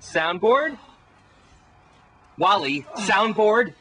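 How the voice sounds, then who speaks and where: A man's voice: high voice, animated, very slow, bright, forceful tone, husky, heavily acted, rough recording. A man playing a bossy, pushy female documentary filmmaker with a grating voice, in an amateur comedy spoof. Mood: brisk. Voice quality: grating, annoying voice. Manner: pushy and snappish, ordering others about.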